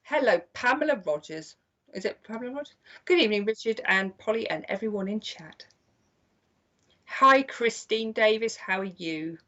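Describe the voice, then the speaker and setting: An older woman giving chatty, gentle psychic card readings on a live stream. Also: mid-range voice, expressive, normal speed. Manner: chatty and gentle, calls people "my lovely". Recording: slightly dull lo-fi stream audio.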